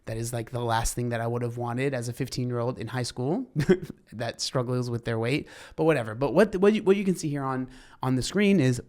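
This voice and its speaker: A man's voice: medium pitch, a little fast, darkish tone. Rambling man commentating casually. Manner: rambling, filler-heavy, frequent restarts. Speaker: commentary host.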